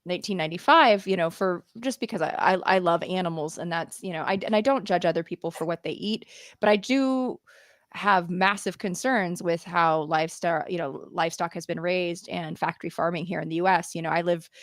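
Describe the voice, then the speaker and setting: A woman's voice: lowish voice, a little fast, no echo, studio quality. Chatty woman podcast host. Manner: chatty, with frequent restarts and laughs. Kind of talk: casual interview chat.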